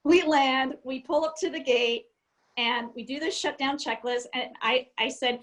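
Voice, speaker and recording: High-pitched middle-aged woman guest, lively storyteller, laughs a lot. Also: a little slow, rough recording. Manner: animated, laughs often, acts out cockpit dialogue. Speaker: airline captain and guest. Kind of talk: casual storytelling interview.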